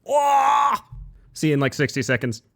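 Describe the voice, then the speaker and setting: Man, live streamer, casual chat, excitable, swearing, slightly high voice, very animated pitch. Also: normal speed, slight background noise. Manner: excitable, swears, laughs often, swings between loud outbursts and soft low asides.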